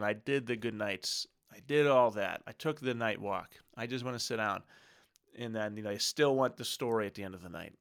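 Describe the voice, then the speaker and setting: A man's voice: mid-range voice, vocal fry, pushed and bright. A man in his thirties hosting a solo podcast, talking in an earnest, conversational way about family life. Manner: earnest, conversational, with quoted inner thoughts. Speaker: podcast host. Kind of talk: casual solo podcast talk.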